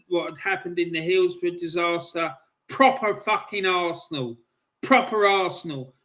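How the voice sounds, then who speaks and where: Angry guy ranting about football, high bright voice, swearing and yelling. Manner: furious, sweary, shouting bursts. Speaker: football channel host. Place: at home, stepped off camera.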